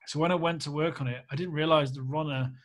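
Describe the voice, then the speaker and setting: Male filmmaker guest from Australia, candid, lively storyteller, fairly high voice. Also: fast talker. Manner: candid, animated anecdote-teller who acts out quoted speech. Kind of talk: casual podcast interview storytelling.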